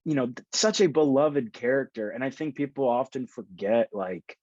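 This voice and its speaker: A man's voice: medium pitch, moderate pace, a little mellow, no room sound, muffled recording. A man appearing as a podcast guest, talking in a rambling, heartfelt way with many fillers. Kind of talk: casual podcast chat.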